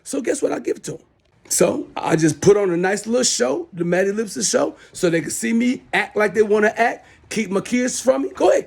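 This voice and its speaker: Man, middle-aged, angry phone rant, husky voice, keeps repeating himself, profane. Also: high-pitched. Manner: heated, profane, repetitive. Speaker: self-styled show host. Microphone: smartphone.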